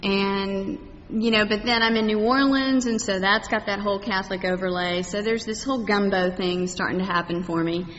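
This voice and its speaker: Speaking at normal speed in a steady, mid-range voice with a fairly bright tone, a middle-aged Texas woman gives a personal testimony to her congregation. The talk meanders with frequent fillers and asides. It was recorded in a muffled, echoey hall with slight background noise.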